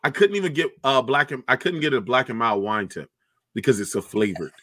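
A man's voice: mid-range voice, fairly quick, a little hiss or hum. A man co-hosting a casual comedy podcast, swearing and telling exasperated stories. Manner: exasperated, swearing, animated storytelling. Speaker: podcast co-host.

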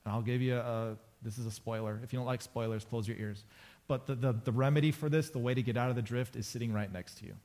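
A man's voice: medium pitch, steady tone, quick pace, darkish tone. A man preaching a conversational sermon to a congregation, casual and joking, repeating phrases for emphasis. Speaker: pastor. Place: church sanctuary before a congregation.

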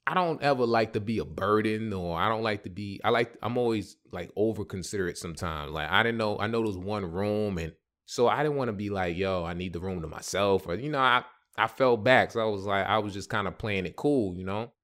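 A man hosting a podcast and telling a comedic story in an animated, slangy way, often breaking into silly sound effects. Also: lowish voice, a little fast. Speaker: podcast host.

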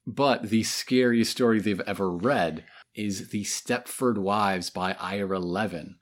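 A man co-hosting a podcast, reading listener letters aloud in a playful, halting way with many restarts. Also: lowish voice. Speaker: podcast co-host.

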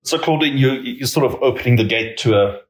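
A man giving measured expert commentary as an interview guest, hedging his points with many filler words. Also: mid-range voice, echoey room, low-quality recording. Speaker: political risk analyst guest.

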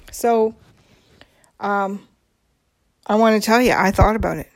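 Female podcast host, mid-pitched and slow-paced, hesitant and confiding storyteller. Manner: hesitant, frequent ums and restarts; candid, confiding. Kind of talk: personal storytelling monologue.

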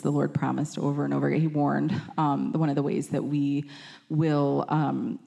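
A woman's voice: low voice, vocal fry, dark tone. A young adult woman preaching informally, chatty, with many fillers and self-corrections while telling a personal story.

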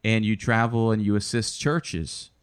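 A man's voice: on the low side, a little slow, smooth. A man hosting a family podcast over a video call, joking and teasing his guests. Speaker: podcast host. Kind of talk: casual chat.

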